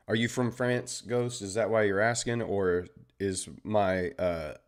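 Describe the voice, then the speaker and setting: Deep voiced texan guy doing a live trading stream, laid back and chatty, walking through charts. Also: fairly even intonation, a little slow, few pauses. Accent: Southern Texan. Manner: easygoing, chatty, greets viewers and explains charts. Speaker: trading livestream host. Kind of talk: casual live trading commentary.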